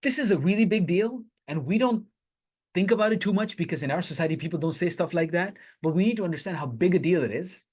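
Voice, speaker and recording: Husky-voiced man teaching a Quran lesson. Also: sits high, animated, fast, darkish tone. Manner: conversational, explains step by step and recites Arabic verses. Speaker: Islamic teacher. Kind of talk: Quran lesson explaining verses.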